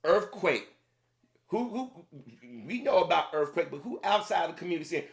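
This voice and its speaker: Male commentator, slightly higher voice, heated, repetitive opinion rant. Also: animated, moderate pace, gravelly. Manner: heated, repetitive, addressing the audience directly.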